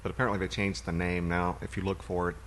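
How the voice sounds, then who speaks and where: A man's voice: low voice, fast talker, a little hiss or hum. A man co-hosting a podcast, chatting casually and rambling about movies he has watched. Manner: relaxed, rambling storyteller. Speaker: podcast co-host.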